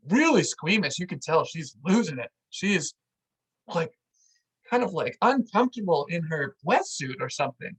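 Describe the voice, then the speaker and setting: A vlog host telling a story out loud in a casual, animated way, full of "like"s and acting out what others said. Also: medium pitch, rough recording. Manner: animated, filler-heavy with many "like"s, acts out what people said.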